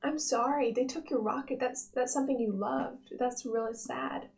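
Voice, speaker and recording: A woman quoting a gentle, sorrowful cartoon girl. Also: a little high, normal speed, creaky. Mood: sympathetic. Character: gentle sad female cartoon character.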